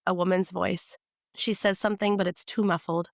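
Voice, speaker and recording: A woman reading her novel aloud in the first person, in a measured, tense storytelling manner. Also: on the low side, steady tone, no echo, clean studio sound.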